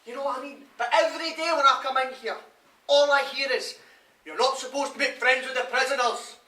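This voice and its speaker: An actor playing a frustrated prison officer, speaking emphatically to the audience. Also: male voice, very high-pitched, fairly even intonation, brisk, pushed and bright. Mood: insistent. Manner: emphatic, insistent, addressing an audience. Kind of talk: theatre monologue. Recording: live stage, roomy, from far off.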